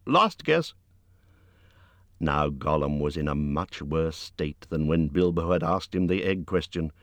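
A man narrating an audiobook in a measured, expressive storytelling manner. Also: a bass voice, no echo.

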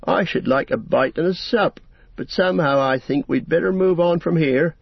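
A man's voice: on the high side, creaky, slightly rough, no echo, pitched above the performer's own voice. A man voicing a cheeky, restless young male hobbit with a teasing manner. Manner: teasing, brisk. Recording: dull, dry lo-fi recording.

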